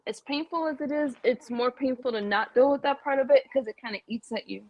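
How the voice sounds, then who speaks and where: A woman caller sharing her feelings in a halting way, with many likes and restarts. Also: sits high, no room sound, lo-fi sound. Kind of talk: casual, emotional sharing.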